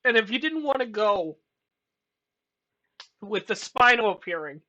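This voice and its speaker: A woman hosting casual film commentary, excitable and profane, with emotional outbursts. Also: mid-range voice, measured pace, highs cut off. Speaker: channel host reviewing films.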